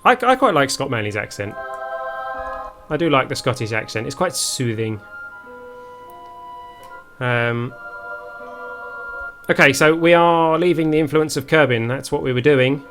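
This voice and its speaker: A man's voice: mid-range voice, lively intonation, measured pace, pauses often, a bit bright, faint music behind. A young man streaming a space game live, talking viewers through his moves with many ums and restarts. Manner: hesitant, full of ums, chats with viewers. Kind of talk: live gameplay commentary.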